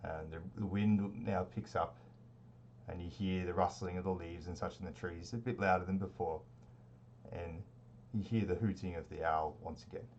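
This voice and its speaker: A man narrating a tabletop game as game master, in a relaxed, rambling way with many fillers. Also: sits low, normal speed, muffled recording, a little hiss or hum.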